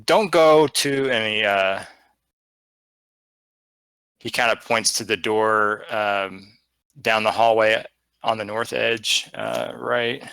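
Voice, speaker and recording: A man narrating a tabletop game as game master, with a bright, forceful voice and a loose, rambling delivery full of fillers. The sound is dry and close to the mic. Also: lowish voice, level tone, slow pace, gravelly, long pauses, smooth, no room sound.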